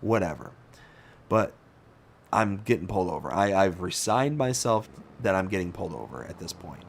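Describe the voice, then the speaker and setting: A man hosting a casual live gaming stream, telling stories with animated reactions and answering viewer chat. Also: deep voice, moderate pace, gravelly, a little hiss or hum.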